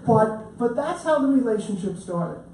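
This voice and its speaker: A man's voice: extremely high pitch, lively intonation, moderate pace, a little mellow, a little hiss or hum. A man giving an informal talk about his book, chatty and joking, with frequent restarts. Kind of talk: informal lecture with storytelling. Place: lecture room with audience. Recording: roomy, distant mic with faint ambience.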